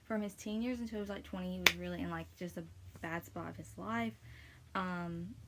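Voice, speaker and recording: A woman's voice: lowish voice, brisk, pushed and bright, slight background noise. A young woman casually telling a personal faith story, rambling with many fillers, emotional and close to tears. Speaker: vlogger sharing testimony.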